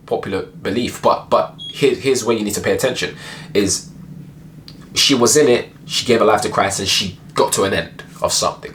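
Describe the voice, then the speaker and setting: A man's voice: on the low side, a bit bright, a little hiss or hum. A young man giving earnest spoken commentary as a Christian video blogger, with many restarts and rhetorical questions.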